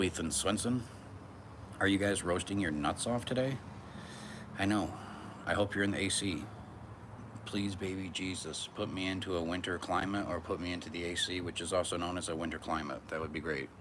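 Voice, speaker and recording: Young man, very low voice, loose swearing livestream host, noisy background. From United States. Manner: rambling, rhyming, swears often, playful. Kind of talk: casual livestream chat. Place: Michigan, summer heat.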